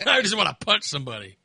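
A man's voice: high voice, creaky, bright, forceful tone, slightly rough, no echo, clean studio sound. A middle-aged man hosting a podcast, ranting in casual chat with plenty of profanity and exasperation. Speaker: podcast host.

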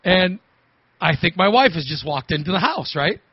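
A man's voice: sits high, big pitch swings, moderate pace, breathy edge, dry recording. A man telling a rambling, repetitive story in casual chat, laughing often. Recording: dull lo-fi recording.

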